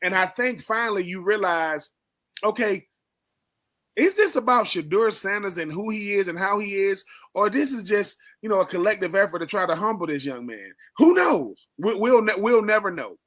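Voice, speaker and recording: A man's voice: sits high, normal speed, fairly bright tone. A man co-hosting a sports radio show, giving emphatic analysis, repeating words for stress and talking straight to his partner. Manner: talks straight to his co-host.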